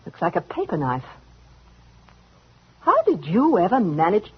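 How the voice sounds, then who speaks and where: A jealous rival woman who mocks and accuses with a sarcastic drawl for an old radio play. Her voice swoops up and down with lively pitch and a husky edge. It comes through a dull, lo-fi vintage radio recording. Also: a little slow, exaggerated voice. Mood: taunting. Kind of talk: 1940s radio drama acting.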